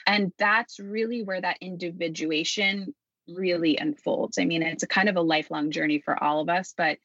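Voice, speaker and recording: A woman with a lowish voice explains her ideas thoughtfully. Her audio sounds muffled and dead dry, with no room at all. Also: steady tone, normal speed, fairly bright tone, husky, dry recording. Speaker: parenting guest expert. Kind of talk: casual conversation.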